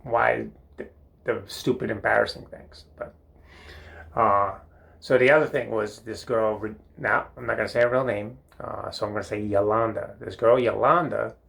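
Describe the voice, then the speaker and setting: Older New man, gravelly and rambling. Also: lowish voice, steady tone, normal speed, a bit bright. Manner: meandering, filler-heavy, chuckling at himself. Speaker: comedic storyteller. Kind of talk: rambling storytelling monologue. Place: bathroom.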